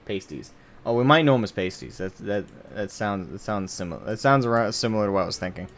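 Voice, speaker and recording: A man's voice: lowish voice, animated, fast talker. A man streaming a game live, chatting casually with viewers, rambling and correcting himself as he jokes with the chat. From United States.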